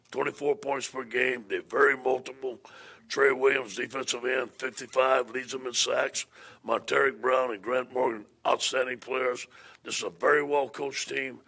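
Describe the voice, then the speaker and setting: A man with a gravelly, husky voice speaks as a head football coach at a press conference. He is plain-spoken, repeating and restarting his words as he goes. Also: medium pitch, sharp tone.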